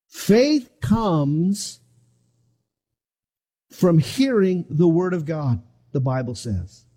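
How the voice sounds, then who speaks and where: A middle-aged male pastor preaching with dramatic swings, acting out the people in his story as he goes. His voice sits high and sounds husky, with a mellow, dark tone. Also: expressive, very slow. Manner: dramatic, acts out voices of the disciples. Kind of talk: sermon.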